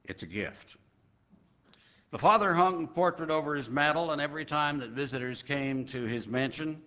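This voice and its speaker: A male preacher telling a sermon story with dramatic pauses and slow emphasis. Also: mid-range voice, bright, forceful tone.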